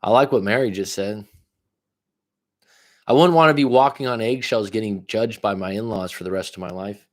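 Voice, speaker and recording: A man's voice: on the low side, moderate pace. Blunt, profane male life coach. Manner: emphatic, repeats questions to push the listener. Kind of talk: live coaching advice.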